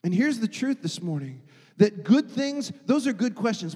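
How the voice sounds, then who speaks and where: Emphatic high-voiced preacher in a hall. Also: male voice, very animated, normal speed, breathy edge. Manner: emphatic, swings from loud to hushed. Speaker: pastor. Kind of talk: sermon.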